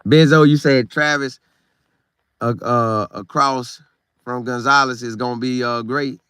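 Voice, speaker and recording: A man's voice: medium pitch, fairly even intonation, measured pace, fairly bright tone, clean tone, no room sound. A middle-aged man, hosting a casual live stream, reading viewer comments in a loose, talkative way and repeating phrases for emphasis. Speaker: show host reading live chat. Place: Florida.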